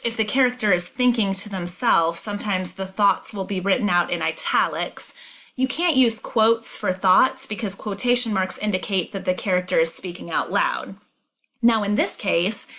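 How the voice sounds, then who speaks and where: A woman teacher reading a novel aloud and explaining it, clear and emphatic. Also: mid-range voice, fairly bright tone.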